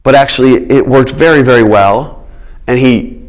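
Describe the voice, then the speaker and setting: A middle-aged man lectures on politics in an emphatic way, hammering home his key words. He keeps checking in with his listeners, and his voice sits at an ordinary middle pitch for a man. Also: normal speed. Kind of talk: public lecture.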